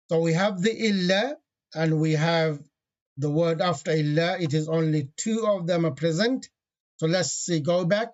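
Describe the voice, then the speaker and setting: A man's voice: fairly high pitch, a little mellow. Man teaching grammar over dull audio. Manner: asks the class questions, reads Arabic parsing terms. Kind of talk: online class lesson.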